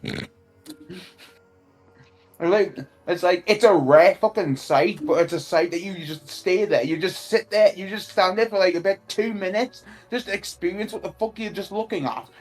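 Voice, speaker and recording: A man's voice: high-pitched, moderate pace, faint music behind. A man chatting casually on his livestream, rambling through a silly story and swearing freely. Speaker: streamer.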